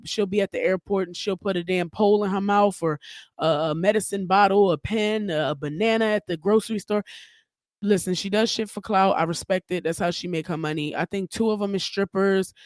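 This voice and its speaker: A woman's voice: mid-range voice, no room sound, studio quality. A woman hosting her own podcast, giving blunt, profane, chatty commentary in a casual solo talk. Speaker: podcast host.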